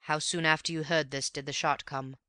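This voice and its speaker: A woman's voice: low-pitched, level tone, a little fast, bright, forceful tone, no echo, clean studio sound. A woman voicing a male coroner who asks short, formal questions.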